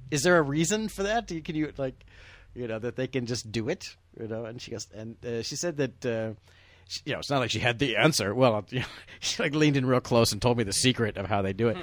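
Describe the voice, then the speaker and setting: A man's voice: medium pitch, fast, no room sound. A man hosting a casual movie discussion, rambling with many restarts and chuckles.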